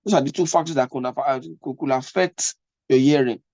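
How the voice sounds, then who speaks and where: In a dry recording with the highs cut off, a man with a mid-range, darkish voice teaches an English test lesson fairly quickly. He circles back over points, trips into restarts, and checks that listeners are following.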